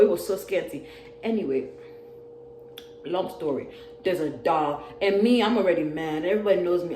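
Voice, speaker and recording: A young woman vlogging a storytime about college life, telling it in an animated way and acting out the loud quotes. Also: medium pitch. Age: young adult. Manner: animated, acts out yelled quotes. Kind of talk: storytime vlog. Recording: echoey room, faint noise.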